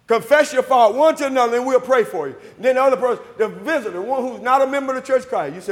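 A high-voiced man preaches in a church, firing questions at his listeners and answering them himself. He swings from loud shouts down to near murmurs. The sound rings with a long hall reverb. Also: fast. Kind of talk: sermon.

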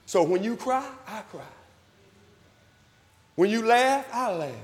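A man preaching a sermon, calling for responses, repeating his phrases and rising to loud emphatic peaks. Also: high-pitched, expressive, slow, long reverb tail. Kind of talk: sermon with invitation call. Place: church hall.

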